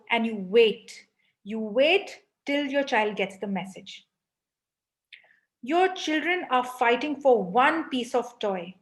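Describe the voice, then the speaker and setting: A woman parenting coach giving a live online workshop, emphatic and often asking "right?". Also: a little high. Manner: emphatic, frequent rhetorical "right?".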